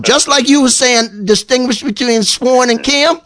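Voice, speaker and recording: A middle-aged man from Bermuda chatting casually on a radio call-in show, rambling and repeating words as he tells animated stories. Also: very high-pitched, moderate pace, dry recording.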